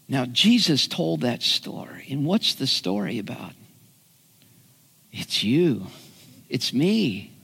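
Male pastor, slightly high voice, unhurried folksy storyteller, big hall reverb. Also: big pitch swings, creaky, a bit bright, slightly rough. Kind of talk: sermon.

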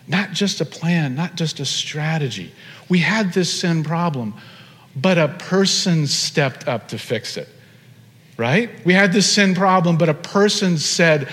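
Guy preaching, gets animated, drags out big words, voice rings around the hall. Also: a little high. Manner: animated, drawn-out emphatic phrases. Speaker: pastor. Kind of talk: sermon. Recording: long hall reverb.

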